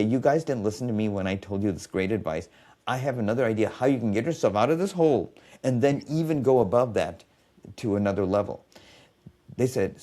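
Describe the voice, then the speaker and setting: A man's voice: lowish voice, warm tone. A man telling stories in a podcast conversation as a biofeedback specialist, acting out quoted dialogue.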